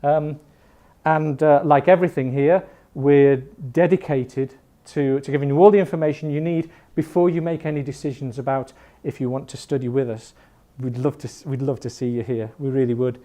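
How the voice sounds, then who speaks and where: Chatty Northern English teacher, mellow voice. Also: male voice, mid-range voice, fairly even intonation, normal speed. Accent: educated Northern English. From Northern England. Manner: chatty and jokey, with frequent restarts. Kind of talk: informal online class talk.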